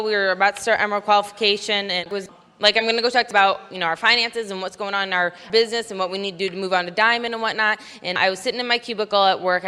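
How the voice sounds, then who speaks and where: A woman's voice: medium pitch, pushed and bright, clear, resonant tone. A woman giving an earnest motivational talk on stage, telling stories and quoting others as she goes. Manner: earnest, storytelling, quotes others in her own voice. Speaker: speaker at a business convention. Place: stage in a large venue. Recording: large hall with long reverb.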